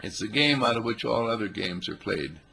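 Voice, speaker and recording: A man giving a playful, animated spiritual talk, now and then putting on animal voices. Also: on the low side, moderate pace, a little hiss or hum. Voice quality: gravelly, husky.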